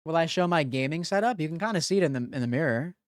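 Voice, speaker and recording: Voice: mid-range voice, expressive, quick pace, no room sound, studio quality. A live streamer chatting casually with viewers while solving word puzzles, thinking aloud with blunt, profane banter. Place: home streaming room.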